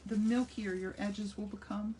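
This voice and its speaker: A woman's voice: medium pitch, fairly even intonation, moderate pace, mellow, far from the mic. A woman in her sixties chatting enthusiastically as she demonstrates a craft, thinking aloud while she works. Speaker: art instructor. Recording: voice slightly off-mic with faint room noise.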